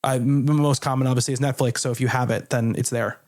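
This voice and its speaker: A man's voice: mid-range voice, fairly even intonation, fast, a little mellow. A man co-hosting a casual film podcast, talking loosely with fillers and restarts. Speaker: podcast co-host.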